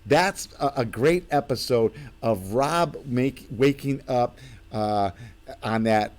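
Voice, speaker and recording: A man's voice: mid-range voice, slow. Rambling, chatty male live-streamer. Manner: rambling, full of fillers and restarts. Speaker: host of his own channel. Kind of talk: live-stream casual chat.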